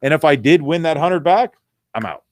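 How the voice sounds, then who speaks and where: A man's voice: on the high side, lively intonation, no echo, studio quality. A man co-hosting a casual sports talk show, telling long rambling stories and tripping over his words. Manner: rapid rambling storyteller, stumbles and repeats words. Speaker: co-host. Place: radio studio.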